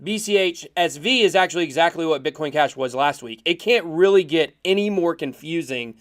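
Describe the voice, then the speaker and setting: A man co-hosting a casual podcast, animated and laughing often, stumbling over words as he explains. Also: fairly high pitch, fairly quick. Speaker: podcast co-host.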